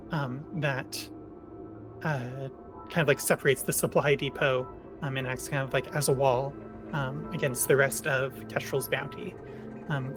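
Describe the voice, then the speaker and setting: Gm narrating the scene, lots of ums and likes, music under it. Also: mid-range voice. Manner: hesitant, many fillers. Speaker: game master. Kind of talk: narrating a tabletop game.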